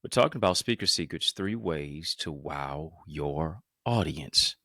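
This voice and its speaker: A man giving an energetic motivational talk to a live-stream audience, emphatic and repetitive, calling on listeners to answer in the chat. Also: extremely low pitch, a little slow, dry recording, clean studio sound. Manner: emphatic and repetitive, punching key phrases; calls on listeners to respond in the chat. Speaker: motivational speaker and podcast host.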